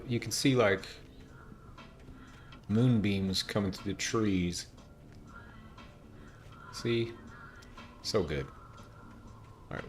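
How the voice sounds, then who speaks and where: A male game streamer giving chatty, playful commentary while he plays. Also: on the low side. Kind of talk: casual gameplay commentary.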